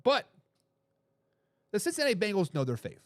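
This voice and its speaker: A man's voice: sits high, huge pitch swings, normal speed, a bit bright, no echo, studio quality. A man hosting a casual sports talk show, reading out viewer comments, repeating his points with emphasis and laughing between remarks.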